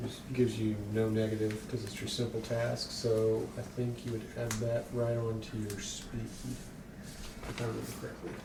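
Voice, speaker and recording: A man's voice: fairly low pitch, moderate pace, background noise. Game master guy, easygoing rambly narration, echoey room, far from the mic. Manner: relaxed, rambling narration with fillers.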